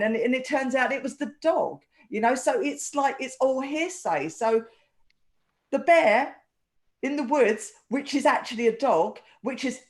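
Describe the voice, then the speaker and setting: Woman co-host, slightly high voice, loose rambling storyteller who acts out the voices. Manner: rambling, animated retelling with acted quotes. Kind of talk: casual chat, storytelling.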